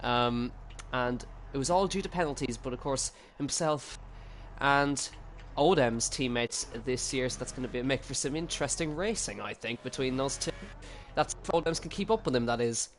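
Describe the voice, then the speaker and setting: A man's voice: mid-range voice, moderate pace, slight background noise. A man co-commenting on an esports racing qualifying session in a casual, chatty way. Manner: casual, chatty, filler-heavy. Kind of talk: live sim racing commentary.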